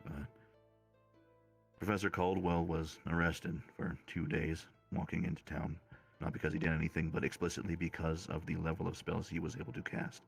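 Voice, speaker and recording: A man speaking in character in a tabletop game, explaining his reasoning at length in a measured, deliberate way. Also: low voice, level tone, gravelly, slightly rough, faint music behind. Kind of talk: in-character tabletop role-play.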